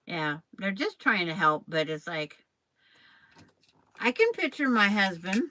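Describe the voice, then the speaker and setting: Older woman, quilting host; slow, rambling, chatty patter with a bright, lowish voice. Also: very animated, no echo, poor audio. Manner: rambling, chatty, addresses viewers by name. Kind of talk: casual chat while sewing on a live stream.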